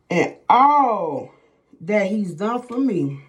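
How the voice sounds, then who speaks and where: A woman's voice: on the low side, animated, slow pace, pauses often. A middle-aged woman vlogger telling viewers a personal story in casual chat, emphatic and repetitive, often calling them "y'all".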